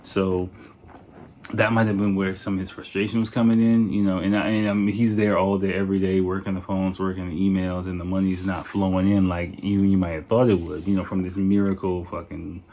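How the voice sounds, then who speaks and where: A man's voice: sits low, level tone, a little fast, dark tone. A man hosting a podcast, telling a rambling story in a casual, profane, laid-back way. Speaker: podcast host.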